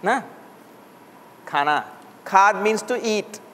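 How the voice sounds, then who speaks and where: A man's voice: sits high, animated, moderate pace, fairly bright tone. A man from Trinidad and Tobago teaching a Sanskrit class, drilling sounds aloud for the students to repeat. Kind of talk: classroom lesson. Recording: long hall reverb.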